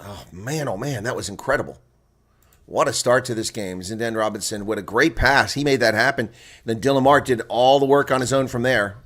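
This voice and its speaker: Man, mid-range voice, solo live rugby reaction caller, excitable and chatty. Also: mid-range voice. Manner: excitable, exclaiming, chatty asides to viewers. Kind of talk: live reaction play-by-play commentary.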